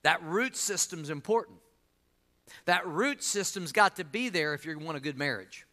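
A man's voice: on the high side, lively intonation, normal speed, pushed and bright. A man in his fifties preaching a sermon as a pastor, folksy and emphatic, repeating his key lines. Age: 50s.

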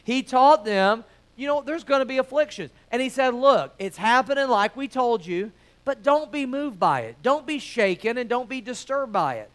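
A man preaches a sermon in a high, smooth and resonant voice. He is emphatic but conversational and keeps asking his listeners rhetorical questions. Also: lively intonation, normal speed.

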